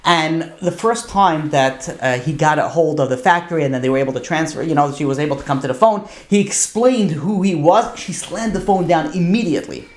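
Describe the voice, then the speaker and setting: A man, a rabbi, telling a long story in a lively way, full of "you know" asides. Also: a little high, brisk, few pauses. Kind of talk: storytelling talk. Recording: roomy echo.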